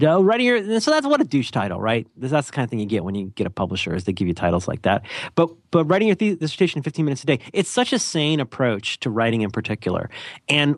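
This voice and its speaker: A man's voice: medium pitch, no room sound, studio quality. A man co-hosting a podcast in a casual, rambling, jokey way, with self-deprecating asides. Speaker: podcast co-host.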